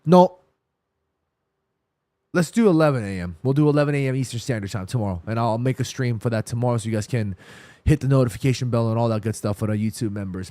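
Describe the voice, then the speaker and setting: A man's voice: medium pitch, dark tone, no room sound. A man with a New York accent hosting a football live stream, rambling casually and answering chat comments while tired. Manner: rambling, restarts and self-corrections. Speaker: football livestream host.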